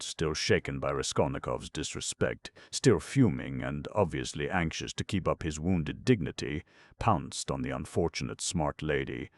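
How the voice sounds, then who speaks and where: A man narrating a classic novel as an audiobook in a measured storytelling voice. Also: rumbling low, no room sound.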